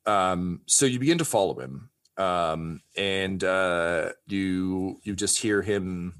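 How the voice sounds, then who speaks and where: Low-voiced male game master with a jokey, playful narration style. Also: takes it slowly, a bit bright.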